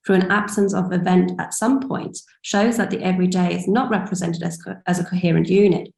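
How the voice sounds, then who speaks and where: A woman reads an academic paper aloud in a steady, formal way, now and then correcting a word. The sound is roomy and echoing, coming through a video call. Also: lowish voice, gravelly. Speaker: academic speaker.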